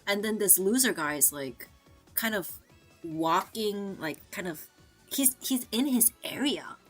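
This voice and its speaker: A woman's voice: mid-range voice, lively intonation, unhurried, soft background music. A woman streamer telling a story in casual chat, swearing freely, filling her speech with "like," and mimicking the people she quotes. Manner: chatty, swears freely, fills with "like". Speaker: VTuber streamer.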